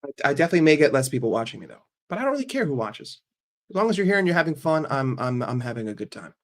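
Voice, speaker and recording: A man with a middle-pitched voice and big pitch swings hosts a live stream, answering chat in a loose, casual way. He's blunt, swears plenty and makes quick jokes.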